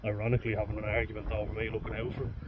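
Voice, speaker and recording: A man's voice: fairly low pitch, monotone, rapid-fire. Chatty, swearing man, lo-fi outdoors. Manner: chatty, swears and laughs often, self-mocking. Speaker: vlogger. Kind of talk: casual chat to camera on a walk. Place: outdoors on a country walk. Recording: dull lo-fi sound with wind noise outdoors.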